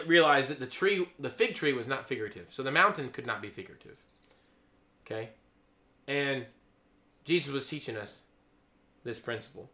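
A man preaching an informal sermon, excitable, laughing, then dropping to a hushed, awed tone. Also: on the high side.

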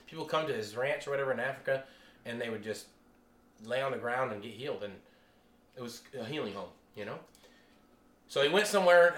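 A man preaching a casual sermon to a small group, animated and chatty, exclaiming as he tells stories. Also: mid-range voice, reverberant.

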